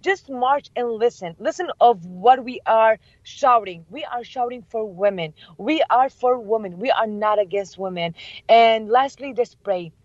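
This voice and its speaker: A woman's voice: a little high, animated, unhurried, a little mellow, no echo. Young chaldean-speaking woman, bubbly, laughs a lot, acts out quotes, dry dull audio. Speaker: guest. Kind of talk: excited storytelling.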